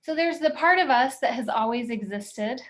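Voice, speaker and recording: A woman's voice: high-pitched, expressive, moderate pace. A woman teaching a confidence workshop in an earnest, encouraging way, often asking the listener questions. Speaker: confidence coach.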